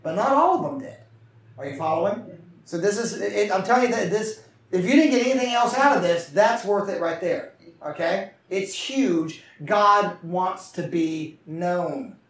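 A man's voice: high voice, expressive, moderate pace, fairly bright tone. A man preaching a sermon in a church with passion, calling for responses from the congregation. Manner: impassioned, call-and-response preaching. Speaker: pastor. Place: church sanctuary. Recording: echoey room from far off.

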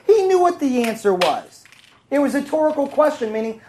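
A woman's voice: high voice, animated, fast talker, a little mellow, low-quality recording. Woman preacher, sermon, chatty, keeps quizzing the room. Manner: conversational, asks the room questions. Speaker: Bible teacher.

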